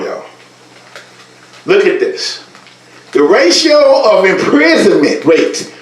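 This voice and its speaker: A man's voice: extremely high pitch, fairly bright tone, roomy sound, far from the mic, rough recording. A man teaching a Bible lesson from slides in an emphatic, colloquial way, speaking straight to his listeners.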